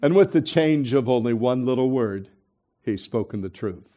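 A man preaching to a church congregation, telling a story with lively acted-out voices, then dropping to soft, hushed tones. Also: medium pitch, moderate pace. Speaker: pastor. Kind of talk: sermon storytelling.

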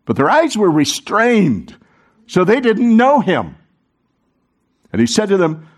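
Male pastor, lively sermon delivery, high voice that swings widely, engages the congregation. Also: slow, pauses often. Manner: animated, interactive with congregation, acts out quotes.

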